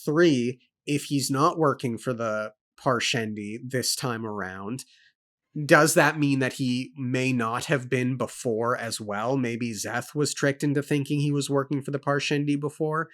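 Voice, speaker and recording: A man's voice: medium pitch, fairly even intonation, unhurried, a bit bright. A man co-hosting a book club podcast, thinking aloud and laying out his points and questions one by one. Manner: thoughtful, lists points and questions. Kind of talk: casual book discussion.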